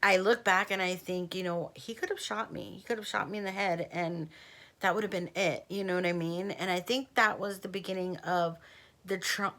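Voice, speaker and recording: A candid woman from Texas tells a personal story in a loose, rambling way, full of "like" and "you know what I mean". Her voice sits a little low, with a bright, forceful edge. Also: fairly even intonation, moderate pace. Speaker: vlogger. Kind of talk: casual storytime narration.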